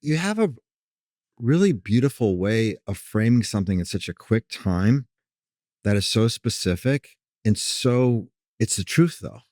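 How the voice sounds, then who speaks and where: A man's voice: fairly low pitch, expressive, measured pace, a little mellow, dry recording, studio quality. A man hosting a casual interview, effusive and profane as he praises his guest and asks questions. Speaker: podcast host.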